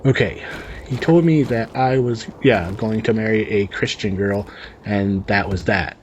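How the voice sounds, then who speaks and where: A man's voice: fairly low pitch, a little slow, slight background noise. Sarcastic man reading a story. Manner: sarcastic, rambling asides with fillers. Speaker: story reader and commentator. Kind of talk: reading a story with comic commentary over gameplay.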